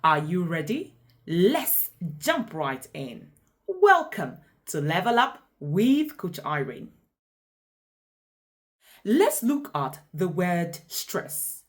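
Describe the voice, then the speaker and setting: A woman teaches English pronunciation in an unhurried, measured way. Her pitch swings widely as she acts out example words and sentences, exaggerating the stress in each one. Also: sing-song. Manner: slow, deliberate, exaggerated example readings. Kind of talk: scripted pronunciation lesson.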